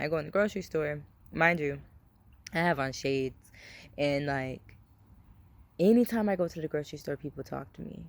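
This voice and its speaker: A woman's voice: deep voice, normal speed, gravelly. A young adult woman talking casually to her camera, rambling with many fillers, cursing freely and speaking openly. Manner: open and confiding. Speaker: vlogger. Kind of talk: casual personal vlog talk.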